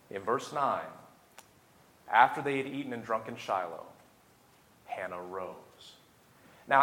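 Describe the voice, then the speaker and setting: A man's voice: medium pitch, a bit bright. A young man preaching a sermon, building to emphatic, repeated climaxes. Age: young adult. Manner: preaching with rising intensity and emphatic repetition. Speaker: pastor. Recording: echoey room.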